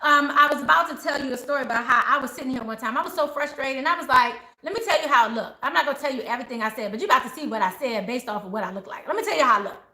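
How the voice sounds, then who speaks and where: A woman's voice: high voice, rapid-fire, few pauses, sharp tone, reverberant, low-quality recording. A woman hosting a live spiritual chat, talking casually and passionately in a preachy way, often laughing. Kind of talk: casual live-stream talk.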